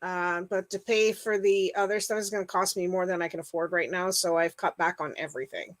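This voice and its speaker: A woman's voice: lowish voice, fairly even intonation, fairly quick, no echo. A middle-aged woman hosting a casual livestream, rambling with fillers and greeting viewers by name. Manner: chatty, rambling, full of fillers. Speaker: livestream host. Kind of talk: casual chat with live viewers.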